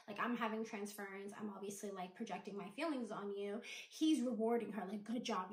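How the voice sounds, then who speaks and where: Woman, storytime commentator, higher voice, chatty retelling, echoey room. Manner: chatty, quotes people in dialogue, many "like" and "da, da, da".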